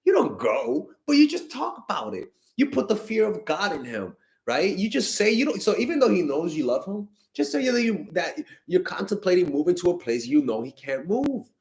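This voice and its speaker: A young man giving blunt, animated dating advice to fans in a casual stream, swearing freely and sounding exasperated. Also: high-pitched, moderate pace, vocal fry. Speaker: dating coach answering fan questions.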